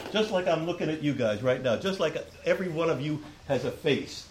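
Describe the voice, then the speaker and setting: A man's voice: on the high side, animated, a little fast, few pauses, low-quality recording. A man preaching a sermon to a congregation, reading scripture aloud and explaining it with earnest restarts. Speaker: pastor.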